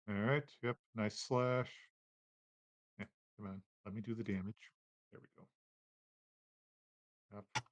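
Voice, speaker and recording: A man narrates a tabletop game as its game master, relaxed and unhurried, with plenty of fillers. The sound is dry and close to the mic. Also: on the low side, no echo.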